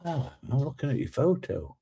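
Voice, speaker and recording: A man chats loosely on a livestream, reading viewer comments aloud. His voice is warm and mellow, and he sounds a little short of breath as he recovers from illness. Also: a little high, very animated, normal speed, creaky, husky. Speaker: livestream host. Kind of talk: casual livestream chat.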